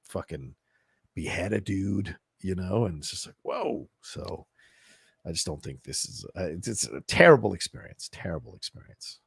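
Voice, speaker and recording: Animated, gravelly-voiced man co-hosting. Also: deep voice, moderate pace, dry recording, studio quality. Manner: animated, swears freely, laughs often. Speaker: podcast co-host. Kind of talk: casual chat.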